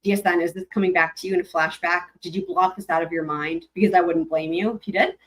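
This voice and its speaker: A woman's voice: lowish voice, fairly even intonation, fast talker, fairly bright tone. A young adult woman hosting a livestream, chatting casually with viewers, rambling and laughing, swearing freely. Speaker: livestream host.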